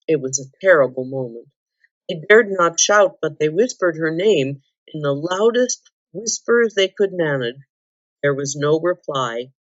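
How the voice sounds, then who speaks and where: A woman reading a children's novel aloud in a calm, measured way. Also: sits low, dry recording, lo-fi sound. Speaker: volunteer reader. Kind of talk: storybook read-aloud.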